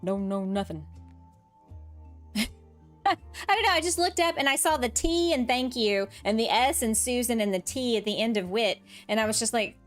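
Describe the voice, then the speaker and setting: A woman streamer chatting casually with her viewers as she builds in a farming game, reading their comments aloud, laughing often and poking fun at herself. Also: on the high side. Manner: chatty, self-deprecating, laughs often, reads and answers chat aloud. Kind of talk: casual livestream chat while building. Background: soft game music.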